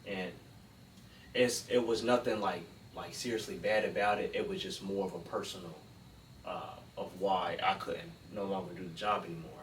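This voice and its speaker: A man on a podcast talking in casual chat, halting with many fillers and repeated words. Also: low voice, steady tone. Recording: roomy, distant mic with faint noise.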